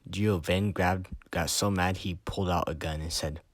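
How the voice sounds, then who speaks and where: A man's voice: low voice, steady tone, normal speed, no room sound. A man reading his own short story aloud in a plain, earnest manner with occasional stumbles.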